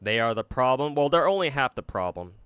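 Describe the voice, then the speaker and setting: A man's voice: mid-range voice, very animated, brisk, fairly bright tone, clear, resonant tone, no room sound. A man streaming and giving casual commentary on games, rambling and swearing a lot, with many fillers and restarts. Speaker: gacha game streamer.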